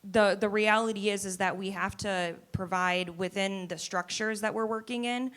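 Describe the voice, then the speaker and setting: A woman on a panel speaking emphatically, with restarts and quick asides. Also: mid-range voice, fairly even intonation, a bit bright. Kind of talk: panel discussion.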